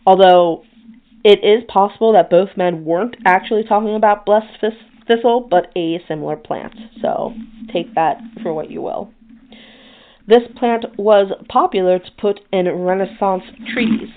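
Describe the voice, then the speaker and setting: A woman's voice: medium pitch, normal speed, slight background noise. A woman hosting a podcast in casual chat, reading from her notes. She is chatty and self-deprecating and stumbles over hard names. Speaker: podcast host. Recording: tinny phone-like sound.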